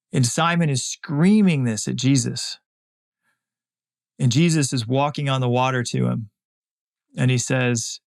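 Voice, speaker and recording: A man's voice: mid-range voice, fairly even intonation, moderate pace, creaky. A man hosting a podcast, giving an earnest, emphatic motivational faith talk and repeating phrases for emphasis. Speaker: podcast host.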